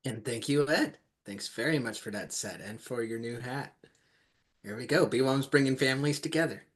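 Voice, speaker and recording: A man's voice: medium pitch, moderate pace, fairly bright tone. A man hosting an online open mic over a video call, easygoing with many fillers. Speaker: host.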